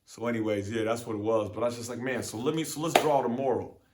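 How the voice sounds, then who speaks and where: A man's voice: mid-range voice, quick pace, heavy background noise. A young man hosting his own show, telling a story in casual, profane slang and acting out both sides of the exchange. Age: young adult. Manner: profane, slangy, animated retelling with quoted exchanges. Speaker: podcast host. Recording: echoey room.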